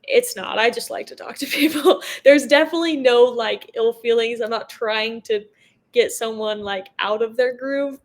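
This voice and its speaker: Chatty young American woman, fairly high. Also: normal speed. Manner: chatty, laughs often, many fillers. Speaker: guest, motocross racer. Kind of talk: casual interview chat.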